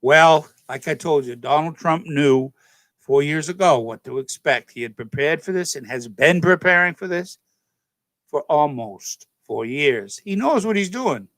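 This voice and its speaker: A man's voice: fairly high pitch, expressive, measured pace, fairly bright tone, no room sound. A man hosting his own channel, talking straight to viewers in a rambling, emphatic monologue that repeats points and corrects itself mid-sentence. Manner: addresses viewers directly as "folks". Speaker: channel host. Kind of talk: casual political and religious monologue to camera.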